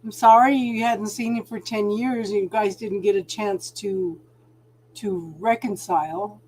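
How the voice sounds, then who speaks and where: Slow-talking chatty woman host. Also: mid-range voice, steady tone, a little mellow, slight background noise. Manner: chatty and sympathetic, calls viewers hun. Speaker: spiritual talk host. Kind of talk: casual live-stream chat with viewers.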